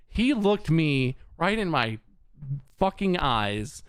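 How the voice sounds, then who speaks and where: A man on a podcast telling a story in casual chat, swearing often and sounding exasperated and animated. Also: a little high, slow, clean tone, dry recording. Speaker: podcast co-host.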